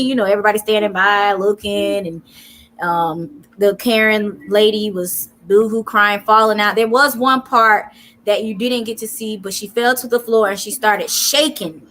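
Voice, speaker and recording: A woman co-hosting a casual news podcast, retelling an incident in an animated, drawn-out way. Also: mid-range voice, slight background noise. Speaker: podcast co-host. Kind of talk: casual chat.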